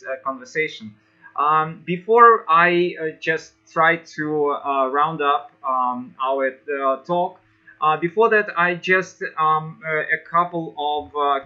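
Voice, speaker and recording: A man leads an English lesson, speaking slowly and haltingly through many fillers. His voice is very bright and sits a little high. The audio is dull and lo-fi, like an online class call. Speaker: English teacher.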